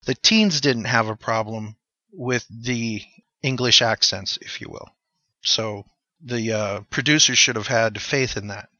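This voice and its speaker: A man's voice: medium pitch, measured pace, sharp tone, dry recording. A man speaking as a guest in a casual discussion, loose and chatty with lots of fillers. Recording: dull, dry sound.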